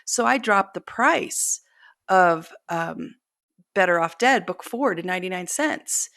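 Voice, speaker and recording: A woman's voice: lowish voice, expressive, measured pace, fairly bright tone, no room sound, studio quality. A middle-aged woman author telling stories in a casual interview, chatty and self-deprecating, laughing often. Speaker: author guest.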